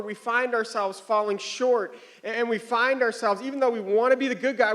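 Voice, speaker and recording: A man in his thirties preaches with a light, high-pitched voice. His delivery is loose and chatty, full of fillers and small laughs, like a pastor telling a story from home. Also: fairly bright tone. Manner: casual, conversational, with frequent fillers and chuckles. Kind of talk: sermon with personal story.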